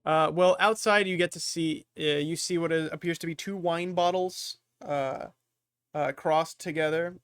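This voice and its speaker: A man narrates a tabletop game as game master. He describes each scene haltingly and fills the pauses with frequent fillers. His voice sits slightly high and is recorded dry and close. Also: steady tone, a bit bright, smooth, dry recording.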